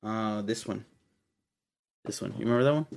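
A man's voice: on the low side, moderate pace, vocal fry, a little mellow. A young man hosting a casual podcast, talking loosely and animatedly and swearing freely, calling his co-host dude and bro. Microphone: podcast studio mic.

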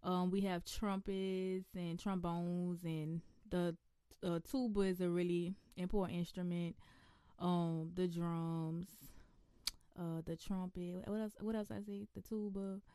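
A young adult woman with a New Orleans accent, answering interview questions in a relaxed, casual way with local slang and frequent laughs. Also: fairly low pitch, slow, clear, resonant tone, dry recording, studio quality. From New Orleans, USA. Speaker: interview guest.

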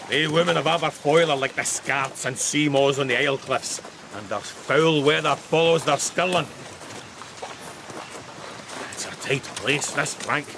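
An actor playing Jarvie, a fussy, moralizing Scottish merchant with a broad Scottish accent in a radio drama. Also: male voice, on the high side, gravelly, noisy background.

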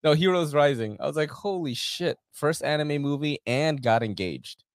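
A man's voice: on the high side, lively intonation, moderate pace, no room sound, clean studio sound. A man co-hosting a podcast, chatting casually with loose, profane, joking banter. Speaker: podcast co-host. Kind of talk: casual chat.

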